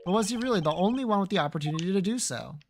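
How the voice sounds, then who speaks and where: A streamer voicing a composed male prosecutor thinking through a case in a video game. The delivery is measured and analytical, with a lively, moving pitch. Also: slight background noise, lightly acted. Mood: questioning. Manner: measured inner monologue.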